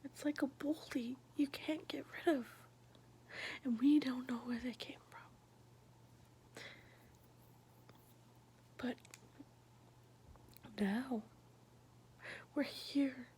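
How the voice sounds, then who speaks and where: A young woman whispering a personal story in a soft, halting, intimate hush. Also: high voice, fairly even intonation, a little hiss or hum. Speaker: vlogger sharing her past.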